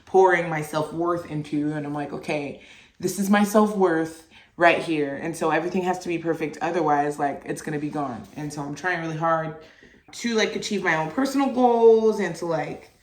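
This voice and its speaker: Low-voiced young woman rambling candidly. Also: steady tone, fairly quick, darkish tone. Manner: candid, rambling, heavy on "like" fillers, swears freely. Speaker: podcast host, mother. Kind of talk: casual solo podcast monologue. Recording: roomy, voice distant from the mic.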